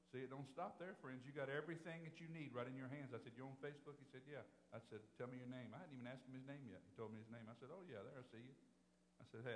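A man who is a pastor, preaching a sermon as a story, swinging between loud preaching and low murmured retelling. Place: church sanctuary. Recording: long hall reverb, faint hum.

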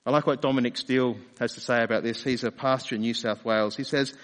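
Preacher in a reverberant hall. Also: male voice, mid-range voice, fairly even intonation, fast. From Australia. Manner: conversational, asks rhetorical questions. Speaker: pastor. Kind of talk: sermon.

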